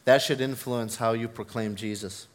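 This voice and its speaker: Guy preaching a sermon, mid-pitched voice, earnest, gets fired up then tells stories. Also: fairly even intonation, moderate pace. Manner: earnest, builds to fervent emphasis; tells personal stories with self-deprecating laughs.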